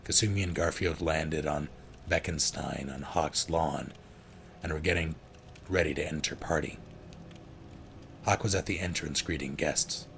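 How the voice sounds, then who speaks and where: A male streamer reading a comic story aloud, deadpan, correcting his own slips. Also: extremely low pitch, unhurried, creaky, pauses often, slight background noise.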